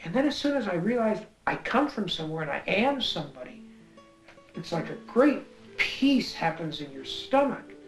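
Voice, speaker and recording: Middle-aged man, slightly high voice, earnest storytelling, repeats words, music underneath. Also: very animated, moderate pace. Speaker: author. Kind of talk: reflective personal storytelling.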